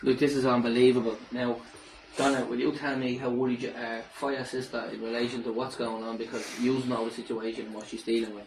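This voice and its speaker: A man's voice: mid-range voice, little pitch movement, fast. Indignant Irish man filming a video. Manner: indignant, speaking to camera. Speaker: campaigning video host. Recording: echoey room, faint noise.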